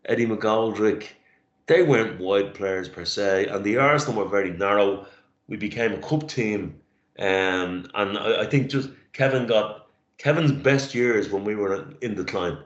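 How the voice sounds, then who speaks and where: A middle-aged man co-hosting a casual chat, reflective and halting, his voice catching with emotion. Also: fairly low pitch. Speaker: podcast co-host. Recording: roomy lo-fi sound.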